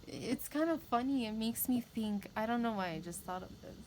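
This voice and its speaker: A woman's voice: fairly high pitch, lively intonation, moderate pace, a little mellow, a little hiss or hum, rough recording. Candid rambling woman tarot reader. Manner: candid, rambling, with emphatic repetition. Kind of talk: casual spiritual talk to camera.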